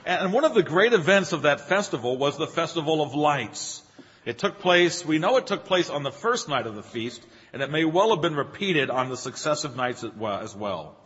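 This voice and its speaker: Husky male preacher in a reverberant hall. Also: fairly high pitch. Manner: earnest, emphatic, rising on key phrases. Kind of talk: sermon. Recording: long hall reverb, dull lo-fi sound.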